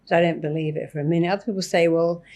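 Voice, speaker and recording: A woman's voice: fairly low pitch, very fast. A woman guest in an interview, talking emphatically and acting out little examples as she explains. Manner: emphatic, animated, acts out examples. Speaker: therapist guest. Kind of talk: interview conversation.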